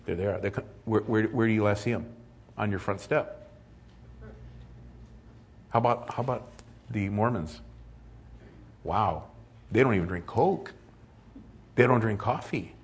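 A man's voice: lowish voice, a little slow, pauses often, breathy edge. An older man preaching a sermon as pastor, conversational with joking asides.

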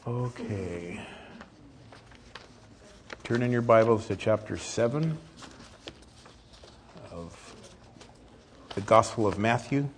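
A man's voice: lowish voice, slow pace, pauses often, a little hiss or hum. An older man preaching a sermon as pastor, conversational with joking asides.

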